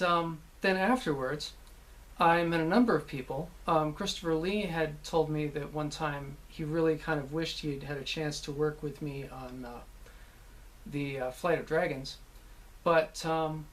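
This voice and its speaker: A man, a voice actor, casually recalling his work, rambling with many pauses and restarts. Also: fairly high pitch, fairly bright tone. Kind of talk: casual anecdotal talk.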